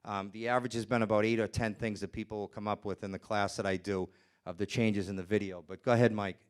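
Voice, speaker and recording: A man lecturing on nonverbal communication as a trainer, animated and acting out other people's voices as he presents with slides. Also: lowish voice, fast, clear, resonant tone.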